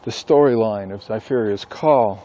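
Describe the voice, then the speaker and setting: A man who writes books and teaches a class, talking casually and thinking aloud with pauses and self-corrections. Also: on the low side, warm tone. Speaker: author and instructor. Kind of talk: casual rambling monologue.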